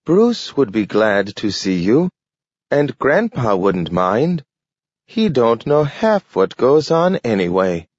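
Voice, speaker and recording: A man's voice: mid-range voice, very animated, no room sound, voice pushed up. A man voicing a cheerful, eager talking dog who pronounces words carefully, in an audiobook reading. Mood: friendly. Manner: careful, halting pronunciation of words. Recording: dull lo-fi recording.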